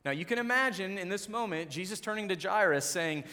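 A man preaching a sermon as pastor, dropping to soft, quiet lines and then building to loud, emphatic passages, and reading scripture in a lower, steadier voice. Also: lively intonation, brisk, hardly any pauses.

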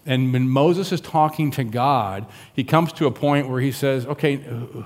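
A man's voice: mid-range voice, a little slow, few pauses, darkish tone. A man delivers a sermon in a mid-range voice. He teaches animatedly and acts out the lines of the people in the scripture story. The recording carries the long, echoing reverb of a large hall. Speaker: pastor.

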